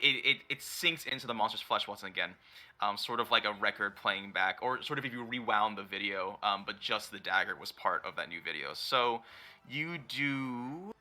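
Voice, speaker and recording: Bright-voiced male dungeon master. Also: on the low side. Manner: relaxed, laughs easily, many fillers. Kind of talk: narrating a tabletop game.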